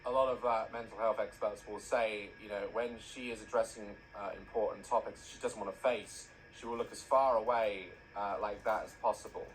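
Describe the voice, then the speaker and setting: A man's voice: on the low side, fairly even intonation, fairly quick, hardly any pauses, faint music behind, low-quality recording. A man hosting a reaction video, mocking what he watches with jokey, sarcastic commentary. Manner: mocking, jokey, laughs at his own dark jokes.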